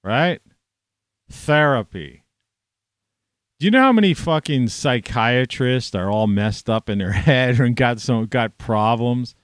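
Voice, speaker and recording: A man ranting to camera in a rambling, profane monologue, scornful and swearing constantly, with sudden loud outbursts. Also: mid-range voice, lively intonation, takes it slowly, smooth, no echo, studio quality. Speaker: vlogger.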